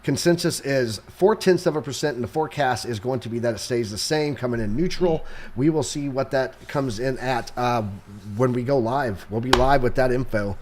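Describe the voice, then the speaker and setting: A man's voice: mid-range voice, moderate pace, a little mellow, a little hiss or hum. A young adult man, co-host on a live market stream, running through the economic calendar in a loose, casual way with sarcastic jokes and plenty of fillers. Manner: loose and joking, sarcastic asides, many fillers.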